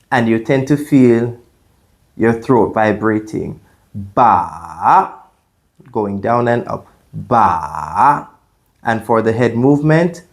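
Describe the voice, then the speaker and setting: A man teaching a beginner language lesson, explaining clearly and patiently and demonstrating sounds by repeating them. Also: lowish voice, darkish tone.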